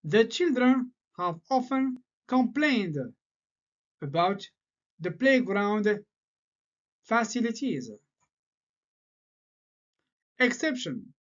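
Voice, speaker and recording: A man whose first language is French teaches an English grammar lesson at an unhurried, careful pace. His pitch rises and falls in a lively way as he explains. The recording sounds a little dull and lo-fi. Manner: slow, deliberate explaining with repeated patterns.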